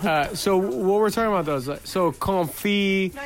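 A man's voice: high voice, normal speed. A drunk man interviewing someone, questioning pushily with swearing. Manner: pushy, profane questioning. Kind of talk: casual street interview. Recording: crowd noise behind.

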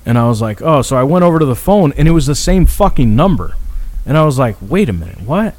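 A man's voice: mid-range voice, animated, quick pace, a little mellow, no room sound. A man telling a long story in casual chat, rambling, restarting sentences and swearing freely.

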